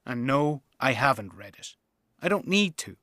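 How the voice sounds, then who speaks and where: A man plays a young Irish father who is worn out by bedtime battles. He grumbles to the audience in a chatty, exasperated way, and his pitch jumps all over the place. The sound is close and dry. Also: big pitch swings, normal speed, bright, forceful tone, no room sound. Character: exasperated young Irish dad, mocked as "the club". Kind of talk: theatrical monologue.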